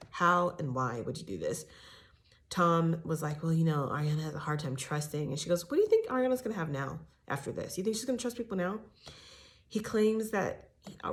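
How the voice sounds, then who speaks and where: A woman with a low-pitched voice rattles through a reality-show recap in loose, chatty speech. She is opinionated and mimics the cast with sudden high, theatrical bursts. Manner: chatty, opinionated, acts out quotes with big voices. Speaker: entertainment news recap host. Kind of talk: casual gossip recap.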